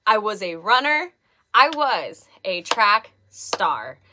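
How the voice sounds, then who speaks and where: A woman's voice: mid-range voice, sing-song, slow pace, background noise. A woman hosting a live stream, chatting casually and greeting viewers by name in a bubbly way. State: slightly out of breath. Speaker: livestream host.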